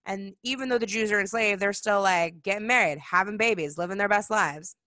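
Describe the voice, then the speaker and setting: A woman's voice: mid-range voice, a little fast, no echo, clean studio sound. A young woman chatting casually and explaining holidays, telling stories with lots of "like", laughing and acting out voices. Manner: animated storytelling, acts out voices, frequent "like" and laughs. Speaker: guest explaining Jewish holidays. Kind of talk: casual chat.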